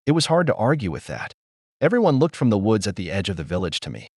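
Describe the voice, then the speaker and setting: Guy reading a war memoir, serious and measured, pitch moves around a lot, dry close mic. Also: huge pitch swings, a little mellow, no echo. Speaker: narrator. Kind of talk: scripted first-person war memoir narration.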